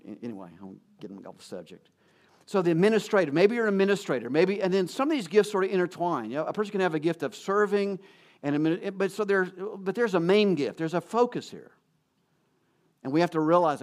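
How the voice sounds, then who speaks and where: A male pastor giving a sermon in a conversational way, joking about himself and often restarting his sentences. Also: a little high. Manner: conversational preaching with self-deprecating jokes and frequent restarts.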